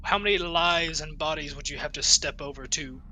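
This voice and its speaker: A man's voice: on the high side, normal speed, sharp tone, slight background noise, rough recording. A man playing his character in a tabletop game, speaking earnestly and seriously. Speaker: player. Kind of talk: in-character tabletop role-play.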